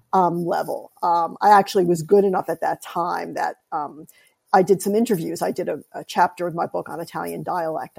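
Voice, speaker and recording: A woman, an author, telling family stories in a casual interview, animated and laughing often, with a raspy voice. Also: fairly low pitch. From United States. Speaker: guest, author.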